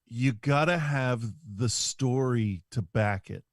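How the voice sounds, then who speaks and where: A man's voice: medium pitch, slow, no echo. A man co-hosting a casual podcast, dropping dry, wry quips between short agreements. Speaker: podcast co-host. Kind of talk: casual movie-riffing chat.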